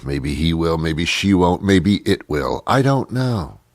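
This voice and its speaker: A man's voice: low-pitched, sing-song, slow pace, no room sound. A man hosting a talk show, rambling sarcastically through a comic monologue with many asides. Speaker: radio show host.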